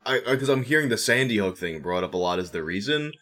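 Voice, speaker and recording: A man in a casual podcast chat, speaking haltingly and making dry jokes. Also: fairly low pitch, animated, a bit bright.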